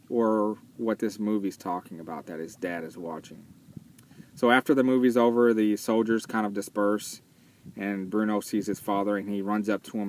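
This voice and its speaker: A man's voice: fairly low pitch, darkish tone, a little hiss or hum. A man talking casually and earnestly as a vlogger, hesitating with fillers and restarts as he retells a film. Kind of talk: casual spoken commentary.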